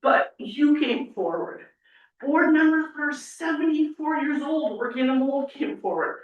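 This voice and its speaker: A woman's voice: sits high, lively intonation, unhurried, highs cut off. Tearful woman speaking in an echoey chamber. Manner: tearful, rambling, earnest. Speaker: public commenter at a city council meeting. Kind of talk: emotional public comment. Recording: echoey council chamber, mic at a distance.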